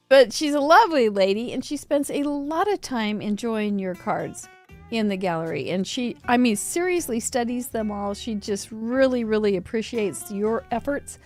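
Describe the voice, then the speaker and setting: Chatty giggling woman host. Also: a little high. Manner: chatty, giggly, rambling with restarts. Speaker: host of a live cardmaking show. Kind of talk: casual livestream chat.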